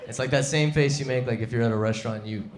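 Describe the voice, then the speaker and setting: A man performing a live stand-up set on a comedy club stage, wry and deadpan, speaking into a stage mic. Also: medium pitch, racing, slight background noise. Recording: echoey club with loud crowd.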